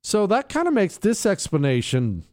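A man's voice: high voice, wildly swooping pitch, moderate pace, darkish tone, no echo. A man hosting his own talk show, talking in a sarcastic, combative, mocking way. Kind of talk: opinionated radio talk.

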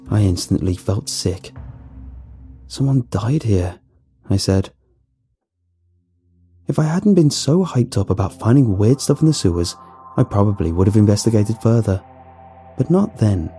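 Man, first-person horror narration, wry and nervous, gravelly, lively pitch.

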